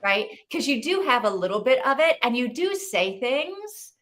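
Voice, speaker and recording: A woman's voice: a little high, very animated, normal speed, fairly bright tone. A young woman co-hosting a book club stream, chatting casually and laughing easily.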